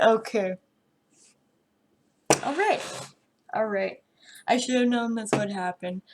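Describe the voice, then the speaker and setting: A woman's voice: on the high side, a little mellow. A young woman vlogger ranting about a TV episode, exasperated, sarcastic and full of swearing. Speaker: reaction vlogger. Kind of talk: ranting reaction commentary.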